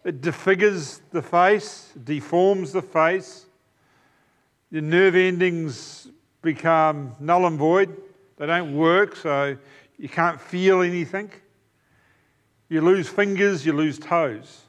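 A man's voice: on the high side, slow pace. A man preaching a sermon in an earnest, emphatic way, often repeating key phrases. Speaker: pastor.

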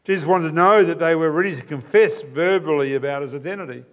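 A man's voice: on the high side, fast talker, dull audio. A man preaching a sermon, explaining a passage with emphatic, repeated phrases.

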